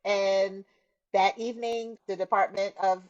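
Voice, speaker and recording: A woman's voice: medium pitch, little pitch movement, unhurried. Middle-aged woman telling her story on a show, earnest, kinda muffled sound. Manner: earnest, warm storytelling with laughs and acted-out quotes. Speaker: guest sharing a testimony. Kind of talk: conversational storytelling interview.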